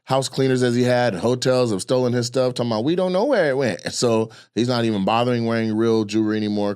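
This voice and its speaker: A man with a slightly low voice talks through a casual podcast chat in an animated, loose way, cursing without a second thought. His voice sounds close and dry, with almost no room around it. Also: no echo. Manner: animated, loose, swears freely. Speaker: comedian and podcast guest.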